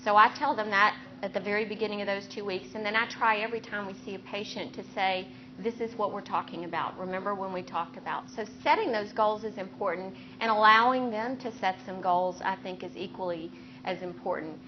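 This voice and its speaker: Speaking briskly, a female neurosurgeon and clinical educator lectures to faculty, illustrating points with her own experiences. She stays earnest and steady in her middle-pitched voice, captured on a somewhat dull recording with faint background noise.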